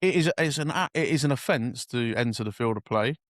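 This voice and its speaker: A man co-hosting a casual podcast, telling stories in an animated way with lots of laughter. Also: medium pitch, brisk, no echo, clean studio sound. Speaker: podcast co-host. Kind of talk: casual chat.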